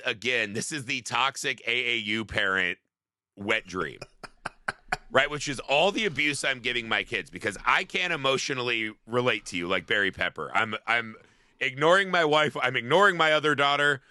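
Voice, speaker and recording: A man co-hosting a movie podcast, telling the plot in a profane, animated way and acting out the characters' lines. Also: mid-range voice, normal speed, clear, resonant tone, no echo. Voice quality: profane, animated storytelling with acted-out quotes. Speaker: podcast co-host. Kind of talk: casual movie-review chat.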